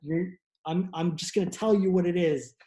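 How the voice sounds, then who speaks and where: A man's voice: high voice, normal speed, lightly acted. A man doing a cool, defiant dissident playwright. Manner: cool, unbothered, deadpan defiance. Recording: echoey room.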